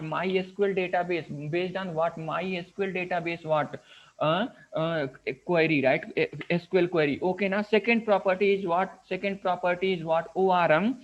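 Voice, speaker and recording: With a high-pitched, steady voice at a moderate pace, a male programming instructor with an Indian English accent teaches live coding. He explains step by step, constantly checking in with "right?" and "what is that?", on a dull lo-fi screen recording.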